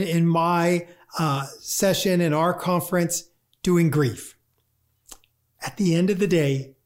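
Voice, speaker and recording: Grief lecturer, unhurried delivery, middle pitch, conversational, quoted inner voices. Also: darkish tone. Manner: acts out inner voices in quick asides; conversational, with fillers. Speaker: grief lecturer and workshop leader. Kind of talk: talk on grief and positive thinking.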